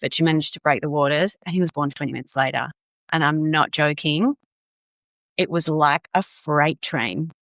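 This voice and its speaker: A woman's voice: sits low, steady tone, normal speed, a bit bright, no room sound, studio quality. A woman guest on a podcast, telling her story casually and animatedly, acting out quotes with laughter.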